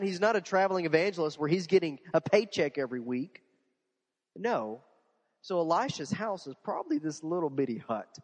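A man with a fairly high voice delivers a sermon from the pulpit. He preaches in an animated way, piling up repeated phrases and rhetorical questions. The sound carries the long reverb of a church sanctuary. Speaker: pastor.

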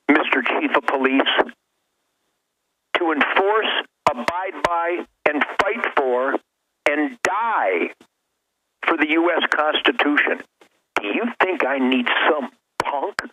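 A fiery, emphatic man holding forth as a guest on a radio talk show, his voice pitched a little high. He hammers his points home and stumbles over repeated words when he gets heated. The broadcast carries a clear hiss of noise under him. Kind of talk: impassioned radio interview.

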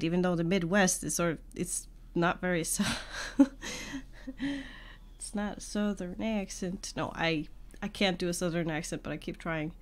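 A woman's voice: lowish voice, normal speed, long pauses. A woman streamer chatting casually while playing a video game, self-deprecating and laughing often. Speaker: gaming streamer. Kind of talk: casual gameplay commentary. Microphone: podcast microphone.

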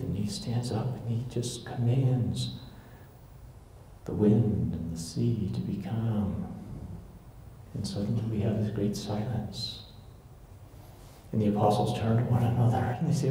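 Speaking at a normal speed with a warm, medium-pitched voice, a church history lecturer tells stories live to a local audience and performs the voices of the people he quotes. The recording has heavy echo and faint noise.

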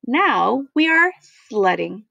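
A woman voicing a firm, patient but bossy grown-up male teacher, speaking slowly and deliberately. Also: fairly high pitch, very animated, gravelly, bright, forceful tone, no room sound, full character voice.

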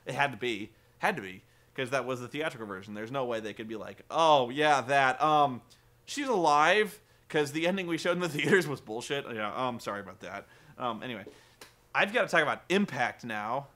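Profane, animated young man vlogging. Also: mid-range voice, fast. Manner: profane, animated, acts out characters in quoted voices, laughs often. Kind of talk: casual film review ramble.

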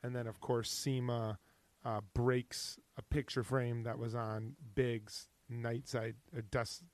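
A man's voice: medium pitch, flat delivery, slow, a little mellow, dry recording. A man co-hosting a podcast in casual chat, rambling and hesitant with many restarts. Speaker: podcast co-host.

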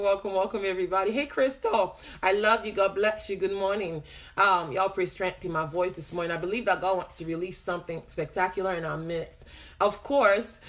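A woman preacher opening a live broadcast. She greets her viewers by name one after another, sounds excited and laughs often. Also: mid-range voice.

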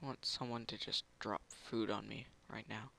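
A man's voice: lowish voice, steady tone, moderate pace, vocal fry, bright, forceful tone, slight background noise. A man giving casual commentary over a video game, muttering to himself, humming little tunes and bursting into gloating. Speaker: gameplay commentator.

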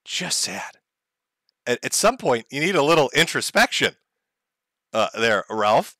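Man on a livestream, mocking and profane, lively swinging pitch, bright voice, dry close sound. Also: normal speed, no room sound. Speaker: streamer host. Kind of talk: livestream commentary.

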